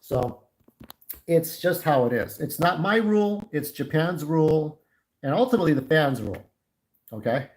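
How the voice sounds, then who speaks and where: A man's voice: on the high side, expressive, normal speed, a little mellow, low-quality recording. A man in his forties chatting casually on a livestream, candid and opinionated, talking straight to his viewers. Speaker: YouTube livestreamer.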